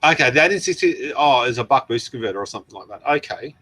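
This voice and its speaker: A man's voice: medium pitch, lively intonation, fast, pushed and bright, dry recording. A man with an Australian accent, hosting a casual livestream, rambling and laughing as he answers viewers. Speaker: livestream host. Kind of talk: casual livestream chat reading comments.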